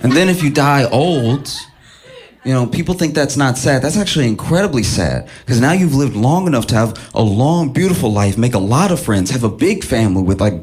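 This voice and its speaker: A man doing stand-up comedy, musing slowly with hesitant fillers. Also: mid-range voice, darkish tone, breathy edge. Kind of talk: stand-up routine.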